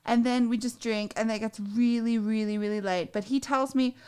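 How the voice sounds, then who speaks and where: A woman co-hosting a dating advice show, telling a story in a blunt, profane, animated way in casual chat. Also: a little high, moderate pace, smooth.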